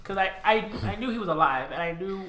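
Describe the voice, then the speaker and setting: A man's voice: high voice, lively intonation, fast talker. A man chatting casually on a podcast in an offhand, unimpressed way. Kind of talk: casual chat.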